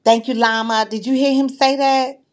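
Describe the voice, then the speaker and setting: A woman's voice: sits high, steady tone, moderate pace. A woman, hosting a casual livestream and recapping a video in an agreeable, chatty way. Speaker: livestream host.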